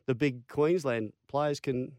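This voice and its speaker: A man's voice: mid-range voice, slow. A man in his fifties with an Australian accent, a former footballer telling stories in an interview, acting out quotes and laughing at his own tales. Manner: animated yarn-spinner, acts out quotes, laughs at own stories. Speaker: former rugby league player, interview guest. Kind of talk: storytelling interview chat.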